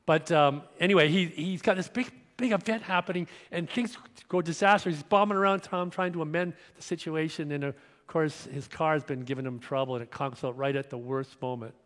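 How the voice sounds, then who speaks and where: A man's voice: fairly high pitch, brisk, hardly any pauses, fairly bright tone. A man preaching a sermon in a church, getting over a cold with an occasional cough, talking conversationally with restarts and questions to the congregation. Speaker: pastor. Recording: long reverb of a church hall.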